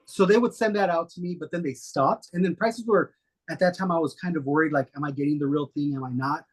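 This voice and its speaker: A middle-aged man, a guest, telling stories in a relaxed, rambling way with many fillers. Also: fairly high pitch, fast talker. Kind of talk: casual storytelling interview.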